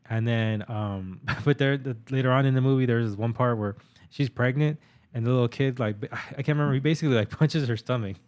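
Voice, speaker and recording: A young man co-hosts a podcast, telling stories in a rambling, profane, casual chat packed with fillers. His voice is medium-pitched with a darkish yet clean tone, and he talks a little fast.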